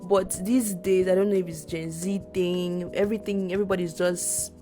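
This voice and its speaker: A woman's voice: on the low side, level tone, normal speed, over music. A young woman with a Nigerian accent co-hosting a casual podcast chat, reflective and prone to repeating words for emphasis. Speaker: podcast co-host.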